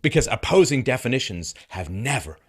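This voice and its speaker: A man's voice: mid-range voice, very animated, fairly quick, slightly rough. A man delivering a political commentary monologue, mocking and sarcastic, firing off heated rhetorical questions. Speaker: commentary host.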